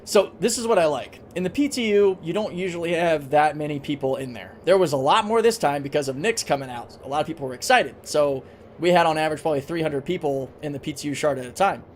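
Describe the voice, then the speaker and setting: A man's voice: on the high side, fast, a little hiss or hum. A man live-streaming a game, chatting casually, thinking aloud and answering chat, with a recurring cough.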